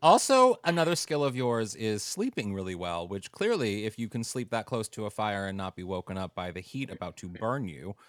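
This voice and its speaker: A man's voice: lowish voice, sing-song, normal speed, hardly any pauses. A man co-hosting a podcast, chatting playfully and teasing his guest. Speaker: podcast co-host. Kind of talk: casual chat.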